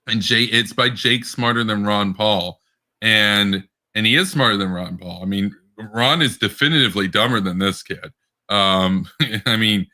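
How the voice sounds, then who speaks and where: A man co-hosts a casual political podcast in a low voice with a sharp, forceful edge. He rambles, doubles back on his words and laughs often as he talks. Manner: rambling, with frequent restarts and laughter. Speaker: podcast co-host.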